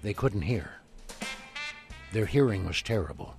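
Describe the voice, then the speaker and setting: An older man from Canada, a guest impressionist, telling lively show-business anecdotes by phone on a radio interview. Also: fairly low pitch, a little slow, over music. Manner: lively, animated storyteller who slips into other voices. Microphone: telephone call-in.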